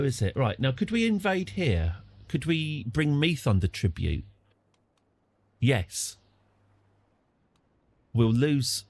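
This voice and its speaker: A British man streaming a strategy game, chatting through it and getting excited and apologetic in turns. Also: mid-range voice, gravelly, dry recording. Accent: British English. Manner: chatty, easily excited, apologetic after outbursts. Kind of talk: live game commentary.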